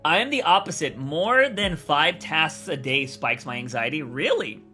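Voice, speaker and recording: Blunt swearing man with bright hoarse voice. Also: fairly high pitch, expressive, moderate pace, soft background music. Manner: blunt, swears freely, rambling. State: voice feels raspy. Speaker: content creator streamer. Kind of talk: casual livestream chat answering viewers.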